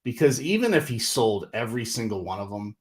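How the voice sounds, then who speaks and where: A man talks casually on a livestream. His voice sits at a middle pitch and rises sharply when he gets worked up. He is animated and exasperated, and his talk is full of "like" and "you know.". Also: fairly quick. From Northeastern US. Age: 40s. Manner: animated, exasperated, lots of fillers. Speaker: livestream host.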